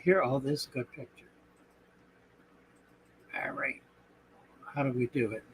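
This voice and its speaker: A man's voice: mid-range voice, a bit bright, a little hiss or hum, poor audio. A man hosting a casual aquarium live stream, rambling and thinking aloud, with a chuckle now and then. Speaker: aquarium channel host.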